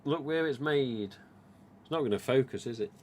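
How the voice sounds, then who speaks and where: In a mid-range, darkish voice at moderate speed, this English man from the East Midlands meanders through his topic on a laid-back live stream. He's a mask collector who likes retelling conversations, and the audio carries a faint hiss or hum.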